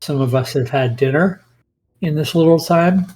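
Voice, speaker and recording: A man narrating a tabletop game as dungeon master, relaxed and pausing often with fillers. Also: on the high side, slight background noise, poor audio.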